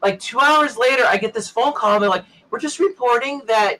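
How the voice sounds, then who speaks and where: A man's voice: extremely high pitch, brisk, hardly any pauses, sharp tone, poor audio. A man hosting a casual tech chat, telling a long anecdote and acting out the other people in it. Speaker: show host.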